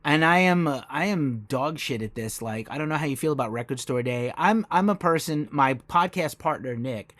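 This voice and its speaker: A man's voice: on the high side, animated, normal speed, hardly any pauses, fairly bright tone, no echo. A man from New York hosting a podcast interview, chatting eagerly and laughing easily with his guest. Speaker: podcast host. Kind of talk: casual interview chat.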